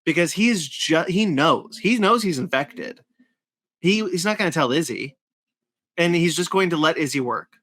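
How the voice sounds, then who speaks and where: A man's voice: a little high, normal speed, no echo. Earnest male podcast co-host. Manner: earnest, stumbles and restarts when excited. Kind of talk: casual chat.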